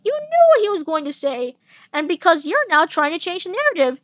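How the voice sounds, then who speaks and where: Brief: woman voicing a gloating evil villain, high-pitched, dry close sound, slow taunting threats. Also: big pitch swings, dry recording. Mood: accusing. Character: menacing male villain who turns evil. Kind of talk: amateur fanfic reading.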